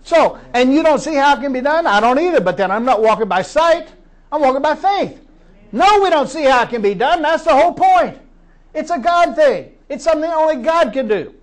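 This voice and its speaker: A man's voice: very high-pitched, expressive, fairly quick. A middle-aged man preaching as a pastor, telling stories of faith earnestly and repeating words as he builds up. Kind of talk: storytelling sermon.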